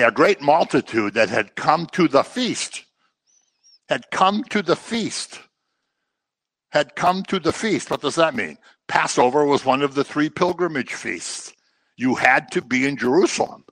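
A man's voice: a little high, expressive, a little slow, a bit bright, no echo. A man teaching through a Bible passage verse by verse, conversational and explanatory with humorous asides.

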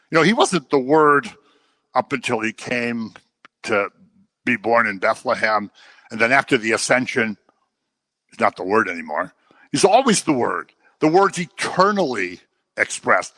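A man preaching a sermon, joking with the congregation and acting out quotes in lively voices. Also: mid-range voice, no echo. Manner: jokey, animated preaching with acted-out quotes. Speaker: pastor.

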